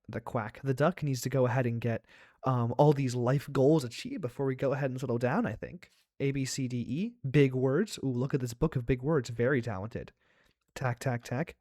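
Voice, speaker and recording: A man's voice: medium pitch, darkish tone, dry recording, clean studio sound. Playful man narrating a game. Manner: playful, chatty, quick reactions and gasps. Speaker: let's play host. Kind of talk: playing a game aloud.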